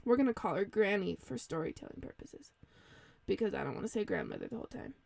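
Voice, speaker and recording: A woman's voice: mid-range voice, very animated, fast, creaky, a little mellow, no echo. A young woman co-hosting a podcast, telling a fairy tale in a chatty, giggly way with lots of ums. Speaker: podcast co-host. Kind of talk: casual storytelling chat.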